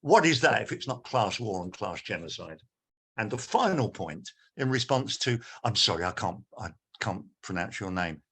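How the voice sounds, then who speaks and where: A man speaking at a conference panel, passionate and animated, with many fillers and restarts. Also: fairly low pitch, normal speed, husky.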